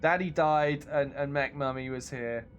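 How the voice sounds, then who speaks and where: A man's voice: mid-range voice, normal speed, a little hiss or hum. Joking man streaming a game. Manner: joking, stammering, laughing often. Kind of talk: casual live-stream commentary.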